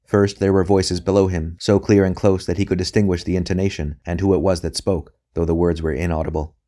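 A man reading a novel aloud as an audiobook narrator, in a measured, even manner. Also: deep voice.

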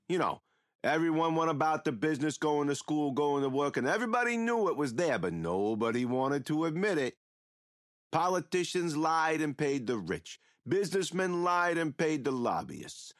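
An actor playing a rambling, mocking killer who taunts a captive priest in an audio drama. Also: male voice, a little high, fairly bright tone, no room sound, studio quality.

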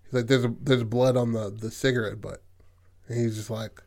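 A man at an ordinary middle pitch, chatting casually as he walks a listener through a film's story. His talk is loose and profane, peppered with "like" and "you know what I mean." It is relaxed podcast storytelling. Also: moderate pace. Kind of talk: casual retelling of a film plot.

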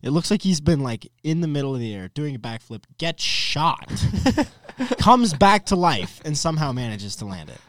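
A man's voice: a little high, sing-song, normal speed, dry recording, studio quality. A young man telling a funny story in casual chat, acting out his own lines as he goes.

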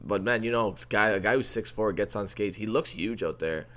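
A man's voice: fairly low pitch, fairly quick, fairly bright tone. A man co-hosting a casual sports podcast, easygoing and ribbing his partner drily. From Canada. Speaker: podcast co-host.

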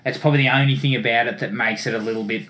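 A man's voice: medium pitch, fairly even intonation, rapid-fire, bright, forceful tone, a little hiss or hum. A man hosting a casual film podcast in a chatty way, laughing often. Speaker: podcast host.

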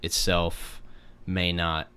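A man's voice: deep voice, level tone, very slow, pushed and bright, smooth. A man in casual conversation, reflective and rambling, full of restarts and fillers.

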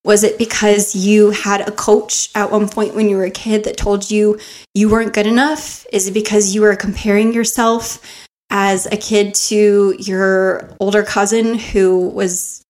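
A woman hosting a self-help podcast, talking earnestly and coaching her listeners with rhetorical questions, close to the mic. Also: mid-range voice. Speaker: podcast host. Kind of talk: motivational self-help talk.

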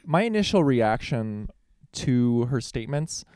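A man co-hosting a casual podcast chat, talking in a measured way and thinking aloud with some hesitation. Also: mid-range voice, very animated, darkish tone, smooth, no echo, clean studio sound. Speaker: podcast co-host.

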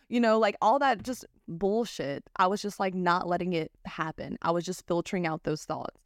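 A woman's voice: on the low side, moderate pace, hardly any pauses, dry recording, studio quality. A young woman hosting a podcast, giving candid advice in a casual chat, swearing freely and using lots of fillers. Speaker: podcast host.

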